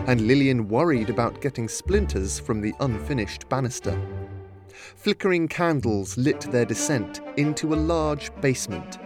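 A man narrating a storybook in a steady, measured reading. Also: medium pitch. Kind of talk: audiobook narration.

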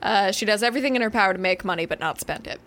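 A woman co-hosting a podcast, telling a story in a casual chat with animated asides and frequent laughter. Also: mid-range voice, very fast. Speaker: podcast co-host.

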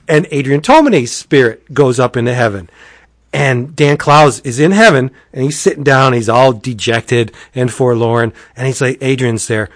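A man's voice: medium pitch, normal speed. A man chatting casually as a podcast host, eagerly retelling a comic story with swearing and energy. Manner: animated, enthusiastic, profane storyteller.

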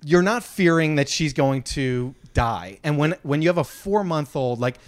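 A man's voice: a little high, animated, normal speed. A man co-hosting a podcast, telling a story earnestly and defending it, speaking into a handheld microphone in casual banter. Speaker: podcast co-host.

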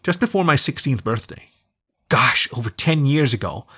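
A man voicing a young mother dog who talks in a bright, teasing way. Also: mid-range voice, expressive, moderate pace, husky, pitched above the performer's own voice. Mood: fond.

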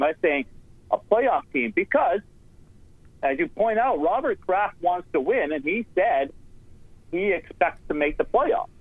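A man calling in to a sports talk show over a tinny phone line, his voice on the high side. He rambles and turns sarcastic, with lots of fillers. The line sounds dry, with no room around it. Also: dry recording. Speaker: caller. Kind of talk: sports radio call-in.

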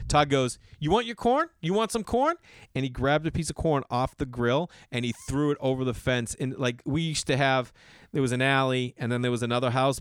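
A man, a comedian, telling a long casual story in a profane, animated way and acting out the people he quotes. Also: medium pitch, no room sound, studio quality.

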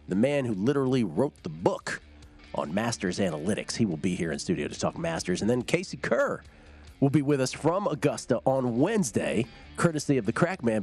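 A man hosting a sports betting radio show in a studio, talking in quick, bantering runs. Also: mid-range voice. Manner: lively, quick banter with laughs. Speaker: host.

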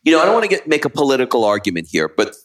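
Brief: middle-aged male co-host, lively storyteller, swoops up and down in pitch, relaxed travel talk. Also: rapid-fire. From United States. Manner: animated storyteller, acts out quotes. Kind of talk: casual travel chat.

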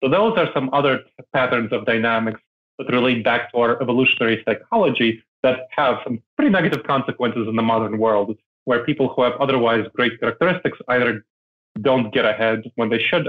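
A man's voice: medium pitch, fairly quick. A man from Moldova, explaining ideas as a guest in an interview, often adding "right?". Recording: phone-like line.

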